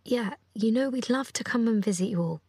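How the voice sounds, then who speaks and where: An actress playing a teasing, affectionate young newlywed bride in an audio drama. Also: female voice, on the high side, brisk, slight background noise, lightly acted. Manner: teasing, warm with laughter.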